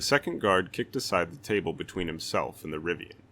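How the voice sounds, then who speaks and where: A man reading a fantasy novel aloud as a storyteller, in steady dramatic narration. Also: deep voice, normal speed, few pauses.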